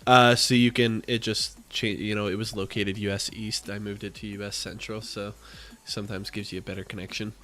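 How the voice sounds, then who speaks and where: Low-voiced bantering game co-caster. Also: male voice, level tone, brisk, fairly bright tone. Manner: bantering, teasing, asks questions. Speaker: esports co-caster. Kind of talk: live game commentary.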